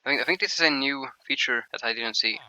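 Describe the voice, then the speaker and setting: A man talks through gameplay in a casual commentary, with a very bright, sharp tone. His explanations ramble and stall, often restarting mid-sentence. His pitch sits at an ordinary middle level for a man. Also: quick pace, clean tone, low-quality recording. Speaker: gameplay showcase host.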